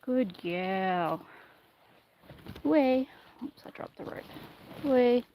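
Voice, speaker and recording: A woman talks slowly and gently, coaxing her small horse through a training session while she chats to viewers. Her voice is on the higher side. The phone recording has clear outdoor noise behind it. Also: lively intonation, low-quality recording. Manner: soft, coaxing praise to the animal. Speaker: horse owner livestreaming. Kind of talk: casual livestream chat while training a pony. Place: outdoors in a paddock. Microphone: phone camera held in one hand.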